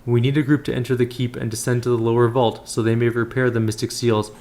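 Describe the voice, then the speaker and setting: A man's voice: mid-range voice, level tone, fast, darkish tone, lightly acted. A man voicing a solemn middle-aged holy knight, reading formal, old-fashioned lines aloud in his everyday voice. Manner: formal, archaic phrasing read aloud.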